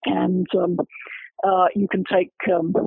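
A man, a researcher, explaining his book's findings in an academic, halting way, full of repeated words and fillers. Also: sits high, completely flat delivery, creaky, slightly rough, no room sound. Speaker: researcher discussing his book. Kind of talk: explanatory interview talk. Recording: dry, phone-like radio line.

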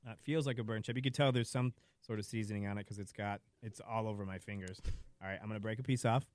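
A man's voice: fairly low pitch, steady tone, fast talker, a little mellow, no echo. A man in casual chat, rambling and self-mocking as he talks about spicy food. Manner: rambling, self-mocking, laughs through pain. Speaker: co-host trying a hot chip.

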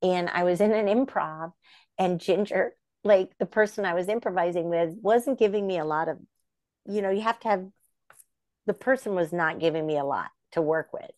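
A woman puppeteer and voice actress, a guest on a podcast, telling stories in a lively way and slipping into the voices of the people she quotes. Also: fairly low pitch, normal speed, dry recording, studio quality. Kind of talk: casual interview storytelling.

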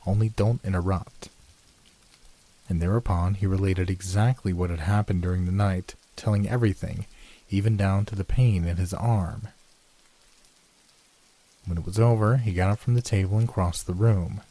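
A man reading a classic ghost story aloud, in measured storytelling narration. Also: steady tone, warm tone. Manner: measured storytelling, lifts pitch for dialogue. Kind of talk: scripted audiobook narration.

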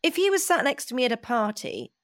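A woman's voice: high voice, sing-song, fast, no room sound, clean studio sound. An actress playing a pompous, self-righteous female radio host, speaking in a comedy podcast. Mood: smug. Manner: pompous and indignant.

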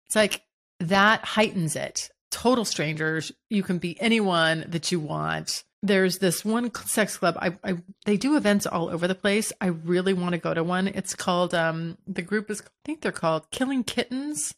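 A woman's voice: lowish voice, moderate pace. A woman hosting her own podcast, talking frankly and casually in a solo monologue, with frequent restarts and casual swearing. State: hiccuping. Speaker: podcast host.

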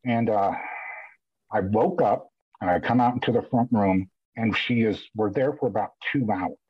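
A man's voice: lowish voice, moderate pace, husky, no echo. A man guest on a podcast, candidly and emotionally retelling events with many restarts. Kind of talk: candid conversational storytelling. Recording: dull lo-fi audio.

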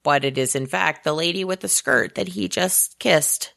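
A woman casually recapping a movie with a friend, animated and sarcastic, swearing freely. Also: fairly low pitch, moderate pace, vocal fry. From Houston area. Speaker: podcast co-host.

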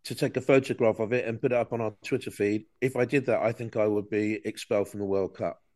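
A man's voice: on the low side, fairly even intonation, quick pace, darkish tone, no echo, clean studio sound. A man, chatting over a video call from a small room without daylight, chatty and self-mocking. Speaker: football commentator calling in. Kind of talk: casual chat.

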